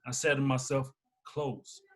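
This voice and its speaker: A man from Alabama, a business owner and podcast guest, telling his story in a lively, playful, casual way. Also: on the high side, moderate pace. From Huntsville, Alabama. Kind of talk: casual conversational interview.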